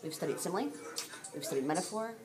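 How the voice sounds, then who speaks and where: A woman's voice: fairly low pitch, expressive, fast talker, music in the background. A woman teacher giving a recorded lesson, explaining step by step and speaking straight to her students.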